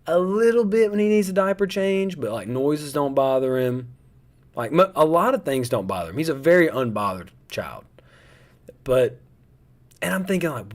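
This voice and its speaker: A young man hosts a live stream, his voice sitting at an ordinary middle pitch. He chats casually and rambles a little, speaking directly to his viewers. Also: normal speed, a little mellow. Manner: chatty, rambling, talks straight to viewers. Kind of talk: casual chat to a live audience.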